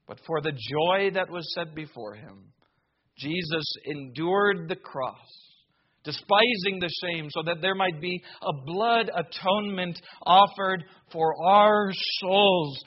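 A man preaching a sermon, slow and emphatic, with dramatic pauses and emphasis that builds. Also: fairly high pitch, breathy edge, muffled recording.

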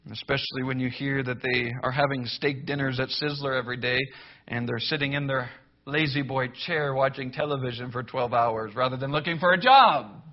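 A man preaching a sermon in an emphatic, building style. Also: fairly high pitch. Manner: emphatic preaching, rising to loud mock quotes. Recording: dull lo-fi sound.

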